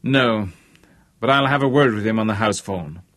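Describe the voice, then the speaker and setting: A man's voice: fairly low pitch, normal speed, a bit bright, dry recording, studio quality, natural voice. A man voicing a brash, pushy businessman who barks his demands. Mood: brusque. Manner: barking, brusque.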